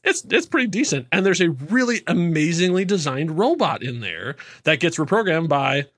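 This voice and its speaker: A man's voice: fairly high pitch, sing-song, normal speed, fairly bright tone. A man co-hosting a casual movie podcast, rambling through restarts and laughing often. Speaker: podcast co-host.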